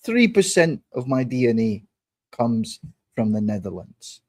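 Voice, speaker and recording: A man's voice: mid-range voice, sing-song, a little slow, darkish tone. A man with a Scottish accent hosting a livestream, ranting and swearing in a mocking tone full of rhetorical questions. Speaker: livestream host.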